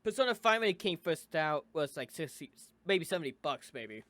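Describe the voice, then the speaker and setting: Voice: medium pitch, very animated, a bit bright. American gamer reading a visual novel aloud. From United States. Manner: reads dialogue in shifting character voices with quick asides. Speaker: gaming YouTuber.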